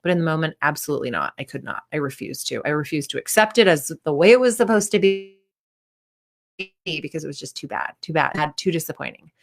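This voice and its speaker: A woman's voice: deep voice, animated, fairly quick, creaky. A woman in her thirties, a performance coach, giving a candid, casual talk and acting out the voices of people she quotes.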